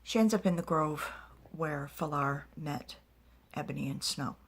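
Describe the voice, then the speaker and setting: A woman narrating a fantasy story in soft, whispered ASMR storytelling with small asides. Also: deep voice, unhurried, husky.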